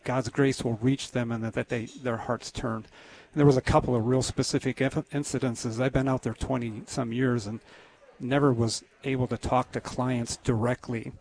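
A man talking as a guest on a radio show, halting and earnest, with many restarts and pauses. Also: medium pitch, flat delivery, darkish tone. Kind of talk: casual testimony on a radio show.

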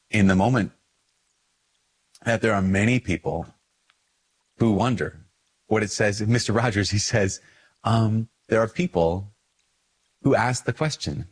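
A man, a priest, talking casually in a video, animated and self-mocking, rambling with fillers. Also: lowish voice, breathy edge. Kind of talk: casual video talk to camera.

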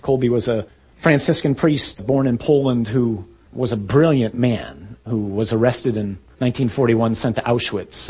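A man preaching a sermon, retelling a story vividly and acting out shouted lines. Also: mid-range voice, husky.

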